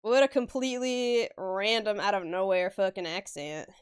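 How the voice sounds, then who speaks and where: Woman streamer with a smooth voice, chatty and loose, cursing casually between laughs. Mid-pitched, easygoing stream talk while she works on a drawing. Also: normal speed. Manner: chatty, swears casually, laughs often, answers chat. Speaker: live-stream artist.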